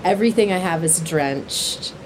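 A woman telling a personal story in a casual, lively way, laughing now and then and acting out what was said. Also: on the low side, normal speed, noisy background. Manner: lively, laughs while telling, acts out quotes. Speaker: interviewee telling a hiking story.

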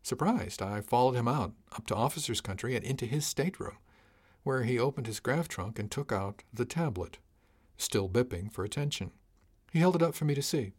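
A man giving a measured, dry first-person narration of a sci-fi audiobook. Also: medium pitch, animated, darkish tone.

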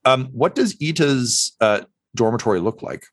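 A man's voice: medium pitch, big pitch swings, moderate pace, no echo. A man narrating a tabletop game as game master, hesitant with many "um" and "uh" fillers.

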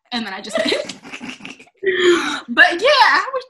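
A young woman with a high, bright voice chatting as a podcast guest. She tells stories animatedly, acts out what people said, and laughs often. It is loose, casual talk. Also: huge pitch swings, normal speed, pauses often. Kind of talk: casual chat.

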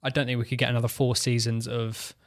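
A man co-hosting a casual TV podcast, thinking aloud in a halting way with restarts. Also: medium pitch, level tone. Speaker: podcast co-host.

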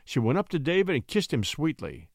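Dramatic male audiobook narrator; very animated, dry close sound. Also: fairly high pitch, brisk, creaky, no room sound. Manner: expressive, theatrical.

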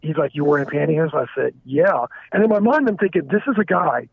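A man calling in, talking frankly and haltingly with stumbling restarts. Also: on the high side, lively intonation, vocal fry, breathy edge, no room sound. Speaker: caller. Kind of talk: candid confessional phone talk. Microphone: telephone. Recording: tinny phone line.

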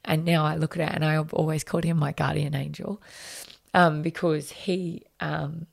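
Her pitch is low and barely moves, her speed normal, with vocal fry. She's an Australian podcast guest in her thirties, frankly and conversationally relating a personal story while acting out what others said, with lots of fillers.

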